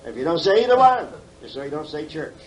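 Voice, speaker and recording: A man's voice: fairly high pitch, big pitch swings, fast talker, rough recording. Elderly man teaching the Bible emphatically. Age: 70s. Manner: emphatic, questioning, folksy humor. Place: conference hall. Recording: faint background noise, 1979 tape.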